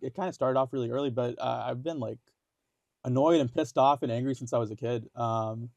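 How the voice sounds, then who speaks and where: Halting, gravelly young man. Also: medium pitch, darkish tone, dry recording. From India. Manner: halting, many fillers and restarts, swears freely. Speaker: podcast guest. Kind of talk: casual interview talk.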